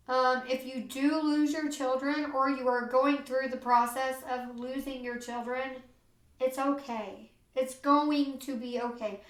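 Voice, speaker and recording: Tearful woman, earnest and echoey. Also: high voice. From USA. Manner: earnest, repeats phrases, says "you know" often. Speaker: interview guest. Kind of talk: emotional personal testimony.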